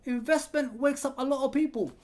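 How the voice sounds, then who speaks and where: A man hosting a live football watch-along, excitably calling the play, yelling at players and chatting with viewers. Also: extremely high pitch, brisk. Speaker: fan channel host reading live chat.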